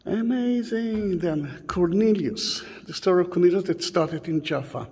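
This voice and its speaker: A man with an Israeli accent, a tour guide talking casually as he walks visitors through a site, softly and with pauses. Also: fairly high pitch, long reverb tail, slight background noise. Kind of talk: casual walking tour vlog.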